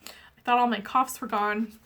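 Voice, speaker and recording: A young woman with a fairly bright, high-leaning voice reviews an oracle card deck at a moderate, steady pace, reading passages from its booklet aloud. She chats earnestly with many "um"s and frequent apologies, coughing as she recovers from being sick.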